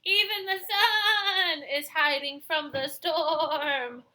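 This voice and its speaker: A woman's voice: high-pitched, drawn-out words, pushed and bright, voice pushed up, exaggerated voice. A woman voicing a timid, fearful flock of sheep in a storybook, stammering and fretful. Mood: scared.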